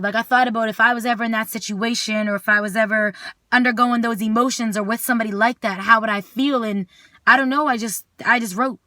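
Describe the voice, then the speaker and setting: A young woman with a fairly high voice talks earnestly and plainly, moving between relaxed vlog chat and a spoken word poem. The sound is dry and close, with little room echo.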